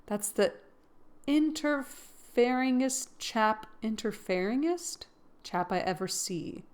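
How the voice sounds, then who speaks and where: A woman voicing a gruff older housekeeper with rustic speech in a read-aloud novel, grumbling slowly. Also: on the high side, lively intonation, voice pushed up. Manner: slow, rustic dialect grumbling.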